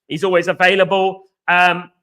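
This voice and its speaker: A young man hosting a casual football live stream, greeting viewers by name and repeating himself, his voice going hoarse. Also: high voice, completely flat delivery, moderate pace, pushed and bright. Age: young adult.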